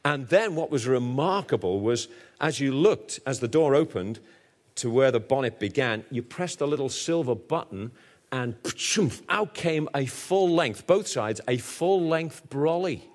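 Lively Liverpool preacher, booming then hushed. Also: male voice, measured pace. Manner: humorous, lively, swinging between booming and hushed. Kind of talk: sermon.

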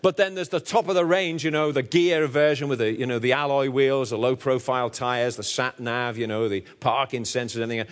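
A man with a Liverpool accent preaching a sermon with humor, his delivery swinging between booming emphasis and hushed asides. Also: fairly even intonation, brisk, hardly any pauses.

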